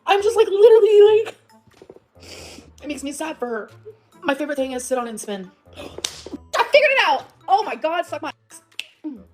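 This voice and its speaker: Fast-talking ranting woman vlogger. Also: high voice, animated, mellow, faint music behind. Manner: rambling, profane, shifts between laughing and upset. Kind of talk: emotional vlog rant.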